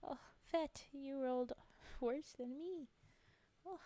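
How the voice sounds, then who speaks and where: Mellow-voiced woman streamer reading poems. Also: high voice, takes it slowly. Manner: chatty, giggles often, greets viewers mid-reading. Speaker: livestream host reading poetry. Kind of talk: casual livestream chat and poetry reading.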